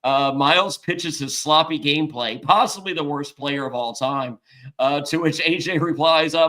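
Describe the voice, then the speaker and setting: A man's voice: fairly high pitch, normal speed, pushed and bright. A man hosting a casual reality-show recap, joking and acting out quotes from the episode. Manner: jokey, recaps scenes in mimicked quotes. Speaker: podcast host.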